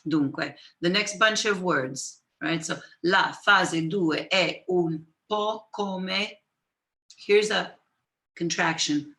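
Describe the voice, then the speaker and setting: A woman teaching Italian on a live stream, switching between Italian and English, greeting viewers and dictating phrases slowly. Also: low-pitched, a bit bright. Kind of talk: live-streamed language lesson. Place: home office with computers.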